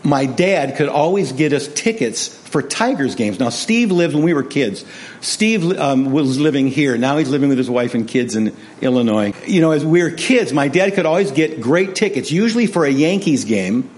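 A man preaching a sermon full of personal stories, his voice swinging from hushed to animated. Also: fairly high pitch, moderate pace. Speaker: pastor.

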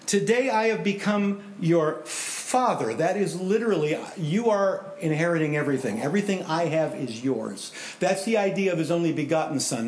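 A male pastor preaching a sermon, animated storytelling that swings between loud and hushed. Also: a little high, echoey room, a little hiss or hum.

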